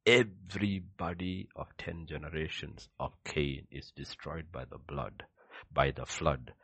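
A man preaching a sermon with emphatic rhetorical questions, swinging between loud declarations and hushed asides. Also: rumbling low, gravelly, husky, no room sound.

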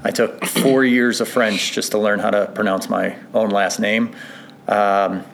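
Indoors in a country club tower room, a low-voiced man from northern Illinois, USA, chats as a guest in a casual interview; he's an assistant track manager. He rambles in a self-deprecating way, flat, unhurried and creaky, with a little hiss or hum.

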